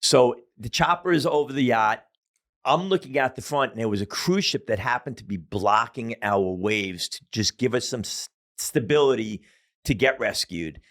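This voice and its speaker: A man's voice: medium pitch, moderate pace, a bit bright. A middle-aged man telling a story as a podcast guest, casual and profane, with many fillers.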